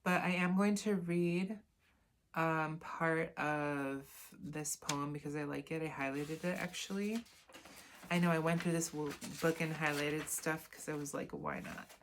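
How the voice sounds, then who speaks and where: A woman reads a self-help book aloud for a casual lesson, pausing for friendly side comments and self-corrections. She speaks a little slowly, in a low-pitched voice with a steady tone.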